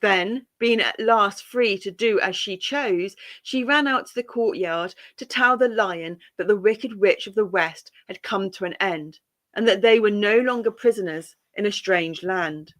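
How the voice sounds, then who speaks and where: A woman reading a classic children's story aloud in a calm, measured way. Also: medium pitch.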